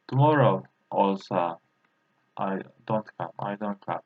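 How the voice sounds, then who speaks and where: Slow-talking man teaching, tinny audio. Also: on the low side, lively intonation. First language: Turkish. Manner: halting, repeats words and tones slowly, frequent uh fillers. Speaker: language teacher. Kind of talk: slow spoken language lesson.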